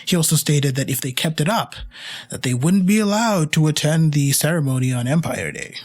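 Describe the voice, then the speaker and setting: A man's voice: fairly high pitch, a little fast. A man hosting a history podcast, telling the story in a casual, wry way with asides to the listeners. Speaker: podcast host.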